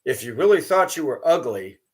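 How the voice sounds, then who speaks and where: A man's voice: on the high side, big pitch swings, a little fast. Sarcastic ranting man. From American South. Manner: sarcastic, judgmental, emphatic repetition. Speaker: channel host. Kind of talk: ranting monologue.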